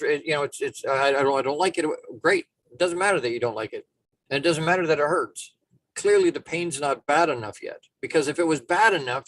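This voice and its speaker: A man giving a casual motivational talk, animated and storytelling, acting out little quoted voices. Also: a little high, no echo. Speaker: motivational speaker.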